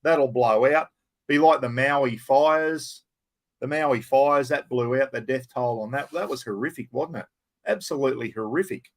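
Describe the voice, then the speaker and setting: A man's voice: medium pitch, moderate pace. An Australian man hosting a casual livestream chat, rambling and blunt, often calling his viewers mate. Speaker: livestream host.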